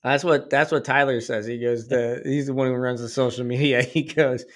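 Male podcast host, mid pitch, talkative, jokey, easy laugh, casual business chat. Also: fairly even intonation. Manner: talkative, joking, quick to laugh. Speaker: podcast host, company CEO.

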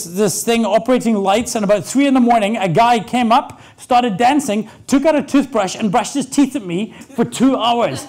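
Male keynote speaker with a high-pitched voice, brash comic storyteller on a live stage. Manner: brash, joking, swears, acts out quoted people. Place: stage before a live audience.

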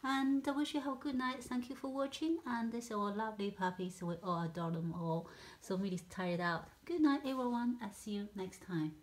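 Speaking a little fast at a medium pitch, this woman laughs a lot as she chats to her puppies in a sing-song tone while filming them at home. The casual home video has an echoey room sound and noticeable background noise.

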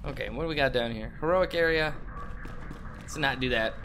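A young man commentating his gameplay in a goofy, trash-talking way, shouting during fights. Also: mid-range voice, fairly quick, slight background noise. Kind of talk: let's play commentary. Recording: game music behind voice.

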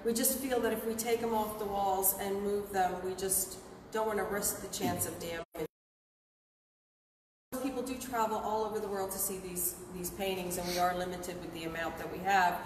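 A woman's voice: medium pitch, steady tone, moderate pace, background noise. Hesitant woman in an echoey gallery. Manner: hesitant, many fillers. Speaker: museum co-host. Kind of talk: casual tour talk. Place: large museum gallery indoors. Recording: echoey gallery, distant mic.

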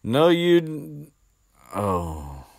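A man's voice: extremely low pitch, very animated, very slow, a bit bright, husky, exaggerated voice. A man voicing an exasperated teenage boy wizard who is blunt and swears under his breath. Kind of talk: comic retelling with voices.

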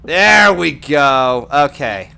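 A man streaming a video game, chatting casually with friends and swearing loudly at every setback. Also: on the high side, lively intonation, extremely slow, vocal fry. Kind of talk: casual gameplay chat.

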